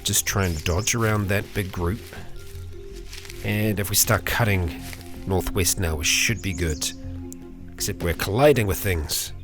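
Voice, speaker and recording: A man's voice: low-pitched, unhurried, long pauses, over music. A young man hosting a let's play, chatting casually through the game and talking to the characters on screen. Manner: chatty, talks to game characters, bursts into mock fury and laughter.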